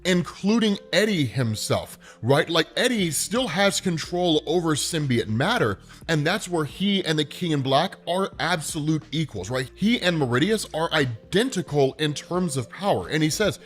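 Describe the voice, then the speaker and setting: A man's voice: on the high side, expressive, moderate pace, few pauses. Chatty man explaining comics. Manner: chatty, fills with "right?" and "like". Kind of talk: casual explainer narration.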